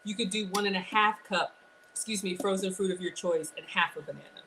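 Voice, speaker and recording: A woman's voice: mid-range voice, brisk, noisy background. Chatty woman hosting a cooking live stream. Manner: chatty, talks straight to viewers.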